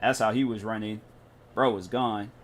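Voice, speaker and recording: A man's voice: lowish voice, steady tone, moderate pace, slight background noise. A young man streaming a racing game, chatting casually in rambling, laid-back slang. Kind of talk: casual chat while gaming.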